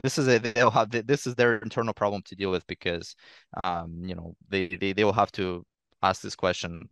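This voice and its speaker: A young man, a Russian speaker, answers interview questions in an earnest, explanatory way, pausing often to think. His voice sits very low and sounds smooth and resonant. The recording is close and dry, with no room sound. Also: steady tone, a bit bright, no room sound. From Eastern Ukraine. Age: young adult. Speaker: podcast guest.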